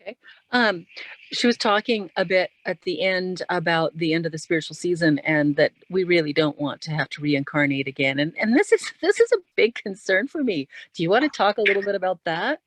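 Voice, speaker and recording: A woman's voice: fairly low pitch, animated, fairly quick, no room sound, poor audio. A woman participant asking a question in a hesitant, earnest way. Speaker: class participant.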